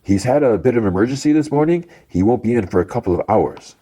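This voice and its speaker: A man's voice: mid-range voice, expressive, fast talker, mellow, voice pushed up, lightly acted. A man voicing a nervous male assistant bank manager who hesitates and stammers.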